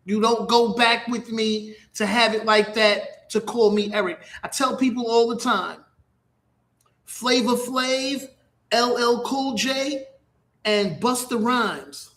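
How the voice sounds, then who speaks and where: Taking his time, a middle-aged man with a very high, slightly bright voice hosts a radio talk show. His talk is a loose, rambling monologue, profane and repetitive, and the room around him echoes.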